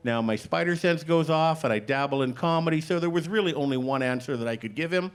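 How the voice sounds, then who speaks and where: A middle-aged man doing a stand-up comedy set, playful with deadpan punchlines, acting out both sides of conversations on stage. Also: a little high, fast, hardly any pauses, clean tone. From Canada. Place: comedy stage before a live audience.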